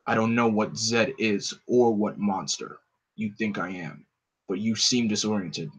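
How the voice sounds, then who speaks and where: Dude doing a cold stern vigilante, super low quiet growl, very analytical. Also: male voice, a little slow, breathy edge.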